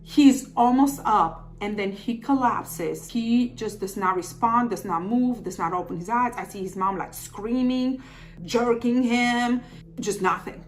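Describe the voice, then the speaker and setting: A woman in her thirties telling a story to camera in a lively, dramatic way. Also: a little high, measured pace, slight background noise. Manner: animated, dramatic voices for quoted people.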